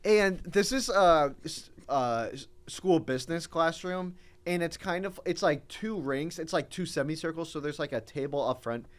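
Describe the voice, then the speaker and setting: A young man co-hosting a podcast, telling a story in an excitable, animated way and laughing through it. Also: on the high side, moderate pace. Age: young adult. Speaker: podcast co-host. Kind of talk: casual storytelling chat.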